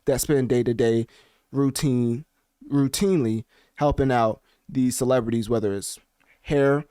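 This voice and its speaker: A man hosting a podcast, chatting casually with animated, slangy commentary while looking things up on his screen. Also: mid-range voice, unhurried, clear, resonant tone, no echo, clean studio sound. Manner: animated, conversational, slangy asides. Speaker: podcast host. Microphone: podcast mic, also on video.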